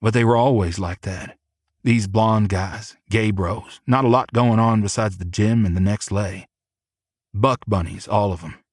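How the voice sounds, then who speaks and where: An upset, tender young man talks in halting bursts, as a male audiobook reader voices him. The voice is husky and fairly low. The sound is close and dry. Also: no echo. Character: young man, emotional, tender, shaken boyfriend. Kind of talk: audiobook character voice.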